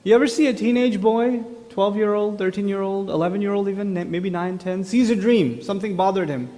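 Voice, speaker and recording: In a large hall, a man with a high, mellow voice speaks a little fast, delivering a religious parenting talk. His manner is conversational and chatty, and he poses rhetorical questions to the listeners.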